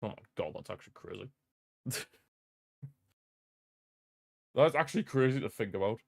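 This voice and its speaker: A man's voice: mid-range voice, expressive, moderate pace, vocal fry, a little mellow, dry recording, clean studio sound. A young man hosting a live football watch-along stream, chatting casually and commenting on the match with frequent laughter and repeated jokey rants. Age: young adult. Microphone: streaming desk mic.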